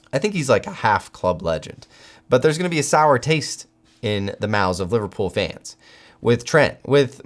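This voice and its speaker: An American man hosting a football channel, giving solo commentary with animated, incredulous outbursts. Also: medium pitch.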